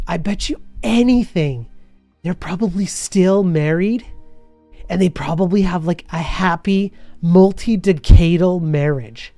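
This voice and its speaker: A man's voice: high voice, warm tone, no room sound. A man, chatting casually on a live stream and reading viewer messages, laughing often, his voice a bit worn from hours of talking. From Canada.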